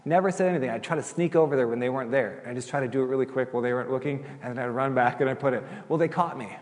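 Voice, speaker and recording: A middle-aged male pastor telling stories in a chatty, animated sermon, acting out the voices of the people he quotes. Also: medium pitch, very fast. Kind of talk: sermon storytelling. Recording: long hall reverb.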